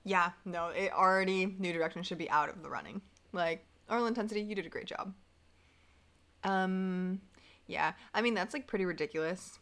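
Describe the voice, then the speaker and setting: Young woman, sarcastic, animated, casual podcast recap, acts out quotes. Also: lowish voice, normal speed. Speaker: podcast co-host.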